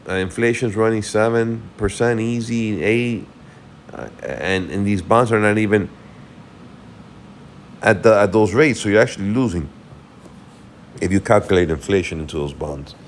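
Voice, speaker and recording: Tired, rambling low-voiced man. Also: animated, moderate pace, pauses often, a little hiss or hum. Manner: rambling, thinks aloud while checking charts. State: tired, yawning. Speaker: market commentary host. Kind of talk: casual market recap.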